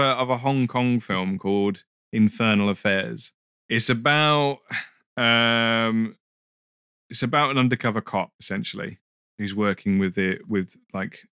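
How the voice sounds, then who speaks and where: Casual male co-host, lowish voice, dry close sound, rambling and chatty. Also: pushed and bright, no room sound. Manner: chatty, rambling with many fillers. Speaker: podcast co-host. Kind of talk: casual chat, reading reviews aloud.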